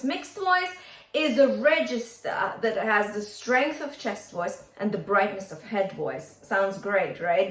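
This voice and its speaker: A woman's voice: medium pitch, echoey room. A woman vocal coach teaching a singing lesson, upbeat and encouraging, often checking in with her students.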